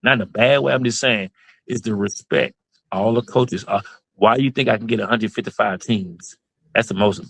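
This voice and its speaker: A man's voice: fairly low pitch, moderate pace, vocal fry, fairly bright tone, poor audio. A man, a basketball club owner and coach telling his story in an interview, earnest and emotional, going over points again and again.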